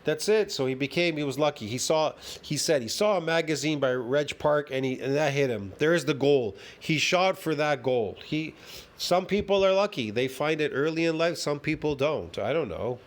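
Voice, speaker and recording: A man with a fairly high voice launches into a heated, profanity-laden reaction rant. He hammers the same points again and again, cursing in almost every sentence, and sounds openly scornful. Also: animated, normal speed. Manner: heated, swearing, repetitive ranting. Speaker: fitness commentator reacting to a video.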